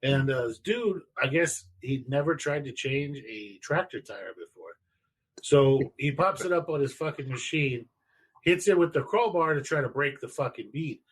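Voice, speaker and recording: A man's voice: mid-range voice, normal speed, slightly rough, poor audio. A man co-hosting a casual podcast, telling stories with heavy swearing and reading a news article aloud. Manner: swearing, animated storytelling. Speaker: podcast co-host.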